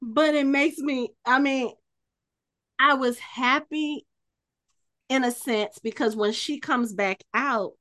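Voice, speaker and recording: Speaking slowly with frequent pauses, a high-voiced woman co-hosts a podcast and casually walks through a TV episode. She brings the scenes to life by acting out characters' dialogue, and the studio sound is clean with no room tone.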